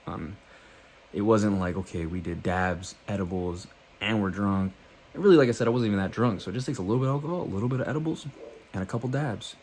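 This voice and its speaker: A man's voice: low voice, a little mellow, breathy edge. A man vlogging, telling a loose, profane story to the camera and acting out what he thought and said.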